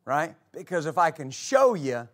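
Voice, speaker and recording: A man's voice: fairly high pitch, big pitch swings, measured pace. A man preaching a sermon as pastor, reading scripture aloud and asking his congregation rhetorical questions. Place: church.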